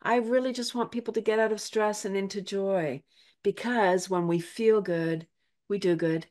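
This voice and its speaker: A woman's voice: medium pitch, steady tone, moderate pace, darkish tone. An older woman, a laughter yoga teacher, chatting as a guest with lots of laughs and acted-out quotes. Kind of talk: casual interview chat.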